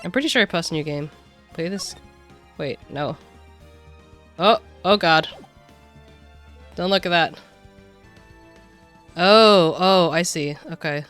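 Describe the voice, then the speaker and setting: A woman's voice: lowish voice, slow, long pauses, a bit bright, soft background music. A woman streamer chatting casually while setting up a game, muttering to herself.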